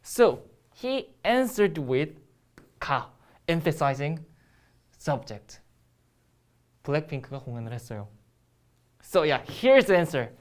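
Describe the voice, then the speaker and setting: A woman's voice: deep voice, very animated, takes it slowly, pauses often. A woman with a Korean accent teaching a Korean grammar lesson in English, explaining step by step with frequent ums and restarts.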